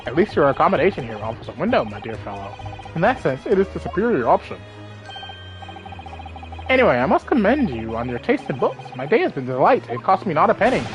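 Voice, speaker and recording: A woman voicing a smug, languid British detective in a game let's play, drawling dryly and trailing off low. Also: very animated, fast talker, muffled recording, faint music behind.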